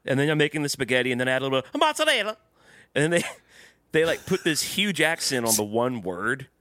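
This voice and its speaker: A man co-hosting a loose comedy podcast, swinging his pitch around as he rants and mocks. His voice is bright and forward, recorded dry and close. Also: quick pace, no room sound. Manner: animated, mocking, swears, laughs often. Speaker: podcast co-host. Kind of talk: casual comedic chat.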